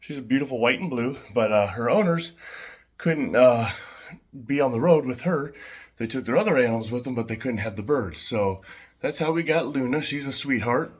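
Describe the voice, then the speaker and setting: A man casually showing his pet birds at home, chatting in a rambling way with fillers and soft laughs. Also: medium pitch, lively intonation, normal speed.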